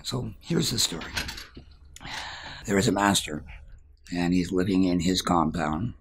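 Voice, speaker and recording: Low gravelly guy, spiritual teacher, tells a story and drops to a whisper sometimes.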